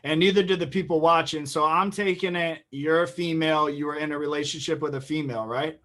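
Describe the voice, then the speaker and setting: A man's voice: on the high side, fairly even intonation, fairly quick, fairly bright tone. A man hosting an interview, asking casual, slangy questions with fillers. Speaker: interviewer, channel host.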